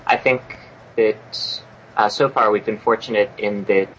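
A man's voice: lowish voice, fairly even intonation, a little slow, a bit bright, muffled recording, slight background noise. A man speaking as a panelist, modest and hesitant. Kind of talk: panel discussion.

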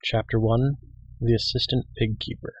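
A man reading a fantasy novel aloud in a steady, measured way. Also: medium pitch, husky, dry recording, dull audio. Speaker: reader. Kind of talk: audiobook reading.

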